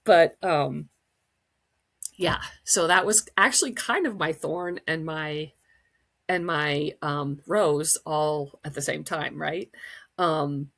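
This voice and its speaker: Woman, middle-aged, from Wisconsin, podcast host; low, gravelly voice; casual, rambling storyteller. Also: slow, fairly bright tone. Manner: chatty, storytelling, many fillers, acts out quotes in a high voice. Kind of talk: casual solo podcast chat.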